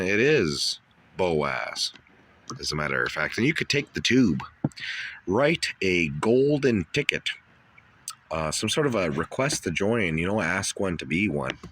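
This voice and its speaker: A man hosting a comedy skit, high on cannabis and ranting in a rambling, profane way with loud outbursts. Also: a little hiss or hum. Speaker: host. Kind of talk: stoned comedy rant.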